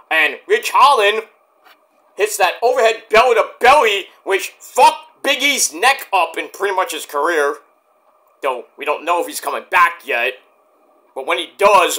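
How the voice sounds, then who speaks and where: A man's voice: high-pitched, sharp tone. A man giving a rambling, profane, casual review of a wrestling event.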